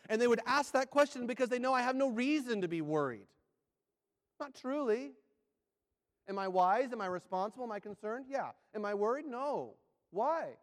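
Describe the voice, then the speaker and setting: A man preaching a sermon, firing rhetorical questions and swinging between loud and hushed delivery. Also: very high-pitched, animated, moderate pace, in a large hall.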